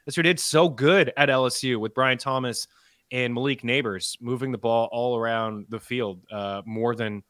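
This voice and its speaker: A man giving measured sports analysis on a podcast, thinking out loud as he goes. His voice is bright and forceful, with a middle pitch. The sound is dry and close, with no room echo. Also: fairly even intonation. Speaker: fantasy football analyst. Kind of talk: casual podcast chat.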